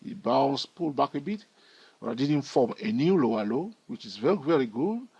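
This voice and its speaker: A man walks his viewers through a chart in a chatty tutorial voice, thinking aloud and tossing them questions. His voice is husky. The recording is dry and somewhat muffled, as from a simple desk mic. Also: medium pitch, expressive, normal speed, darkish tone, no room sound. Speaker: trading educator.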